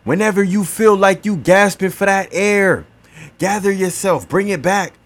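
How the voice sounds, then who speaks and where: A man hosting a podcast, giving a slow, encouraging motivational talk and leading a breathing exercise, repeating his words. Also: high-pitched. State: gasping for air at times. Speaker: podcast host.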